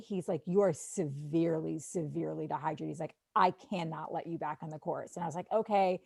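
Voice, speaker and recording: Animated female guest in her thirties, chatty, dry close mic. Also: low-pitched, brisk, creaky, few pauses, slightly rough, no echo. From Wisconsin. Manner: animated, lots of "like", quotes herself. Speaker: podcast guest, sports TV host. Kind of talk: casual storytelling.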